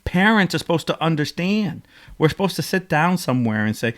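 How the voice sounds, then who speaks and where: A man's voice: on the high side, quick pace, a bit bright. A man hosting a podcast, telling stories in an emotional, rambling casual chat. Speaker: podcast host.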